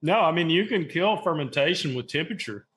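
Relaxed man giving brewing advice. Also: fairly high pitch, brisk. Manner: relaxed, matter-of-fact advice. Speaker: guest brewer. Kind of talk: casual podcast chat.

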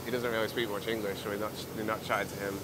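An excited young man chats into a handheld camera, his voice sitting a little low. Loud traffic and machine noise fill the background behind him. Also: racing. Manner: excited, chatty, peppered with "like". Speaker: vlogger and online seller. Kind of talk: casual travel vlog talk to camera. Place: on a street and in a factory.

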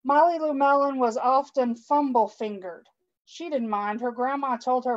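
A woman with a fairly high voice reads a children's picture book aloud, expressive and warm with the little asides she tosses to her listeners. The sound is dull and lo-fi, like online stream audio. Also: normal speed. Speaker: guest storytime reader.

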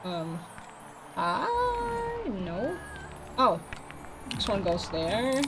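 A woman casually commenting on a video game as she plays, chatty and easily excited, talking to the characters on screen. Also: on the high side, very slow, heavy background noise. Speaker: let's play gamer.

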